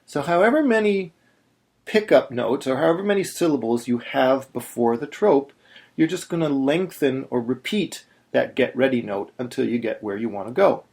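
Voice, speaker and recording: A man's voice: medium pitch, lively intonation, moderate pace, gravelly, darkish tone. A man teaching Torah chanting in a plain, patient voice, stopping to sing short chanted examples. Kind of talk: instructional video narration.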